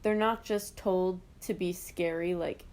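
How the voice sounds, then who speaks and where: A young woman co-hosting a podcast, chatting casually with teasing jokes and quick asides. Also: lowish voice, fairly even intonation, a little mellow. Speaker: podcast co-host. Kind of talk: casual chat.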